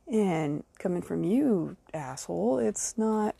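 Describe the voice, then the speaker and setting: A woman's voice: mid-range voice, animated, slow pace, gravelly, mellow, breathy edge, no room sound. A woman hosting her own podcast, delivering a blunt, angry and heavily profane solo rant aimed straight at her critics. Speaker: podcast host.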